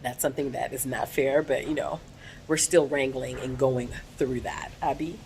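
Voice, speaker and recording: A woman's voice: very deep voice, fairly even intonation, normal speed, a little mellow, a little hiss or hum. A woman with an American accent, talking in a casual vlog, voicing emphatic and outspoken complaints. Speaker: vlogger.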